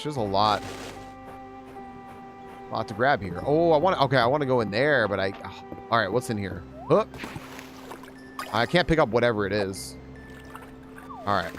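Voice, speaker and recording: A man's voice: mid-range voice, expressive, measured pace, pauses often, over music. A man streaming a game, telling stories casually, swearing a lot and full of filler words. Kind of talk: casual gaming stream storytelling.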